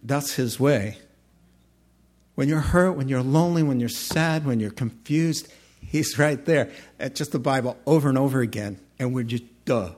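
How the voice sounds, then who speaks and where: Animated conversational male preacher. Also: mid-range voice, normal speed. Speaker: pastor. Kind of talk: sermon.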